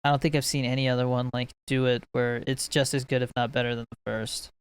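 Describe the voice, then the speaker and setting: A young man speaks fast and smoothly at a medium pitch that barely moves. Co-hosting a laid-back podcast with friends, he drifts through movie talk, laughing a lot and doing impressions of film scenes.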